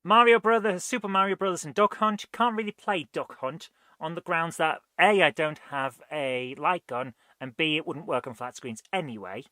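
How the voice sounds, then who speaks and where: A man hosting a live gaming stream, chatting loosely and thinking aloud. His voice is bright and slightly high for a man. The sound is dry and close. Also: moderate pace, no echo. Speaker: host.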